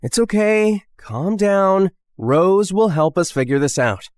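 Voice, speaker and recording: A woman voicing a gentle young man who calms and pleads with his friends. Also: mid-range voice, slow, dry recording, clean studio sound. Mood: soothing. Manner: calming, pleading.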